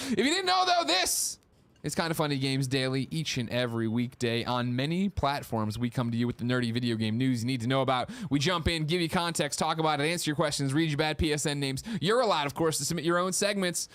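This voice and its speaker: A man's voice: medium pitch, dry recording. A man hosting a casual gaming news podcast, joking and plugging the show. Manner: fast, jokey, animated plugs. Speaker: podcast host.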